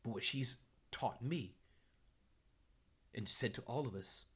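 A man hosts a live motivational talk, reading the chat's comments aloud and repeating key phrases. His mid-range voice is slow and slightly rough, and it swings from hushed whispers to loud, fired-up bursts.

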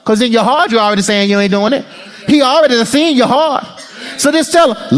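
A male pastor preaching a sermon in call-and-response style, acting out prayers and quotes, moving between excited bursts and low murmured prayer. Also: brisk.

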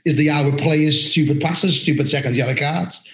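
A blunt man talks on a podcast, firing off rants and swearing without a second thought. His voice sits a touch high. The recording carries a noticeable room echo. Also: fairly even intonation, a little fast. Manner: blunt, ranting, swears freely. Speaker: podcast host, former referee coach. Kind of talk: casual podcast chat.

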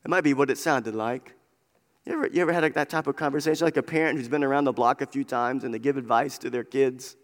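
A man's voice: mid-range voice, fast talker. A man preaching a sermon, impassioned and repetitive, driving his points home with repeated phrases. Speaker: pastor. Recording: long hall reverb.

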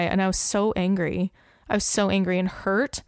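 A young woman in casual podcast chat, an animated storyteller who laughs often. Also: medium pitch, moderate pace, clear, resonant tone, dry recording, clean studio sound.

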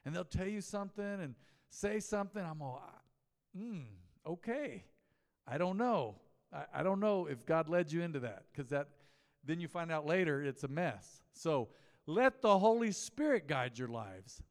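In a church sanctuary with a long reverb, a pastor gives a relaxed mid-week sermon at normal speed. His voice runs a little high for a man, and he chats with the congregation, telling stories and putting questions to them.

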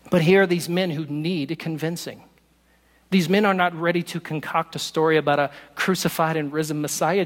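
Pastor guy preaching, jokey and animated, kinda high voice, long echo from a big church hall. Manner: animated, humorous, acts out scenes. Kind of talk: sermon.

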